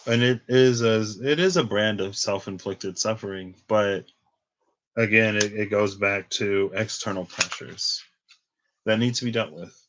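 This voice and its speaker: A man's voice: lowish voice, measured pace, noisy background. A man in his twenties giving a casual tarot reading, chatty and rambling off into tangents. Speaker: tarot reader.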